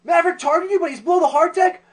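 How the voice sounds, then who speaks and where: A man voicing an indignant young male fighter pilot who shouts in outrage. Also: extremely high pitch, racing, pitched above the performer's own voice. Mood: outraged.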